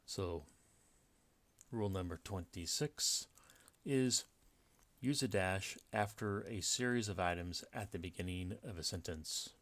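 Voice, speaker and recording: Give me a deep-voiced man teaching a writing lesson, explaining step by step with fillers. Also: unhurried, fairly bright tone, no room sound. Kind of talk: slide-based grammar lecture.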